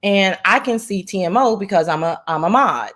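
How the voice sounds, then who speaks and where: A woman's voice: medium pitch, animated, moderate pace, fairly bright tone. A woman guest recounting online drama in casual chat, blunt and profane, openly irritated. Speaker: guest and live-chat moderator.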